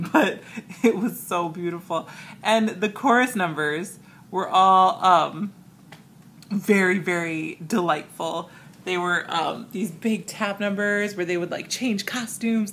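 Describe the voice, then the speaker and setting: A young woman records a vlog on her tablet at home, gushing with excitement and laughing between sentences. She keeps breaking into squealing, high-pitched impressions. The recording has a faint hiss behind it. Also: unhurried. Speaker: vlogger. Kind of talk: excited casual vlog recap. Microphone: tablet camera.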